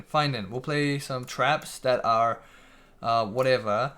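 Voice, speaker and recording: A man talking through a live stream at a middle pitch, loose and unscripted. He trips over his words, restarts often and throws in casual swearing as he answers viewers. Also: animated, measured pace, fairly bright tone. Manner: swears casually, restarts a lot, reads chat aloud.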